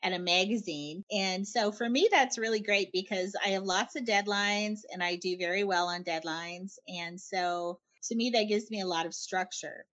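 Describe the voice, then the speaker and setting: A woman's voice: medium pitch, normal speed, few pauses, dull audio. Chatty middle-aged woman writer from Canada. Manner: chatty and animated, laughs often, restarts phrases. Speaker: guest, writer. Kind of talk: conversational interview answers.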